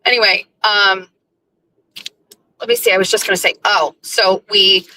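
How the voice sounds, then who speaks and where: A woman's voice: mid-range voice, fairly even intonation, normal speed, bright, forceful tone, slight background noise, poor audio. A woman hosting a casual live chat from her car while she drives, chatty, scattered and blunt, sounding emotional and overwhelmed. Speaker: host. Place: car, driving.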